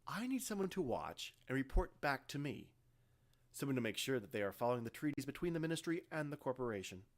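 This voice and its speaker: A man's voice: medium pitch, very animated, quick pace, pitched above the performer's own voice, close to an everyday voice. A man doing a cold, scheming corporate boss. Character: scheming male corporate leader, cold and calculating.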